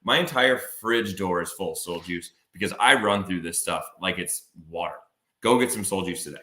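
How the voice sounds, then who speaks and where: A man with an American Midwest accent, co-hosting a sports podcast in a lively, jokey way full of fillers. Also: sits low, normal speed, roomy sound. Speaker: podcast co-host. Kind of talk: casual sports podcast chat with ad reads.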